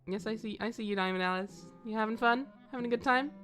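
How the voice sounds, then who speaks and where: A woman's voice: fairly high pitch, quick pace, fairly bright tone, faint music behind. A woman streaming a game, chatting playfully with viewers and giggling between lines. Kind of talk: casual game-stream chat.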